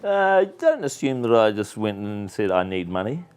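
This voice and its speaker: Deadpan, sarcastic man with a New Zealand accent. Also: fairly low pitch, normal speed, slight background noise. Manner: deadpan sarcastic wit with sudden shouted bits. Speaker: film director being interviewed. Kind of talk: joking junket interview.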